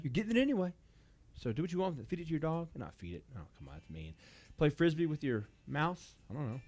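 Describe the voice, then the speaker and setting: A man hosting a live toy sale from his shop, chatting casually and greeting viewers by name. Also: a little high. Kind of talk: casual livestream chat.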